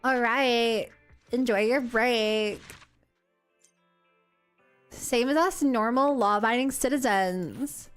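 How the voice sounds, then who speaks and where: A woman's voice: on the high side, slow, long pauses, fairly bright tone, smooth. A young woman streaming a game, chatting casually and rambling as she reacts to chat. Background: game music.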